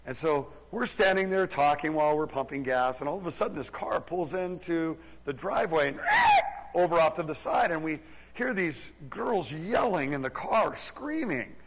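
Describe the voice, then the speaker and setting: A man with a high voice preaching from the front of a church, telling a story in an animated way and laughing along with it. The recording was made live, and his voice rings out into a long hall echo. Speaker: pastor. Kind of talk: sermon storytelling. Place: church service, large room.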